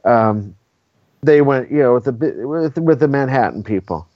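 A man's voice: mid-range voice, animated, normal speed, slight background noise. A man from California speaking as an interview guest, emphatic and opinionated, often tagging his points with "right?". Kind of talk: casual conversational interview. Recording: dull, lo-fi dry audio.

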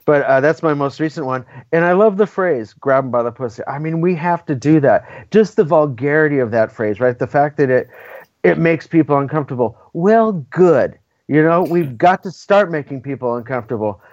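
A Californian man speaks as a guest in a casual conversational interview, emphatic and opinionated, often ending his points with "right?". His voice is a little high and darkish, animated, at a normal speed. The recording is dull, lo-fi and dry with no echo.

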